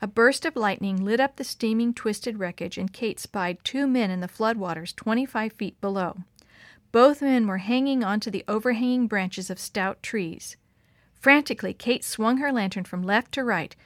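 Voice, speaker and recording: A woman's voice: fairly high pitch, moderate pace, no room sound, studio quality. Woman reading a dramatic story. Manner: expressive, dramatic. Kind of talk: scripted story narration.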